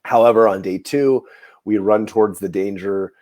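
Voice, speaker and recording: A man who hosts a coaching program for chiropractors, talking quickly and admitting he is rushing as he walks colleagues through his clinic method. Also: on the low side, a little mellow. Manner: rushed and self-admittedly fast-talking. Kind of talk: quick how-to talk to fellow clinicians.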